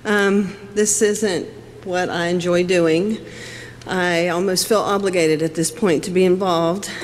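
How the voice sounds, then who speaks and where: Virginia woman testifying at a hearing, earnest, halting, reverby hall sound. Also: fairly low pitch, steady tone, a little hiss or hum. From West Virginia. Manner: earnest, halting, quoting scripture. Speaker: public commenter at a legislative hearing. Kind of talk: public testimony.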